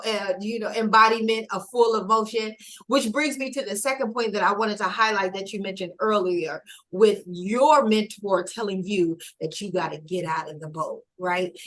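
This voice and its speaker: A woman talking in a conversation, reflective and halting, with many fillers and a rising emotional intensity. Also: medium pitch, a bit bright, poor audio. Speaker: guest.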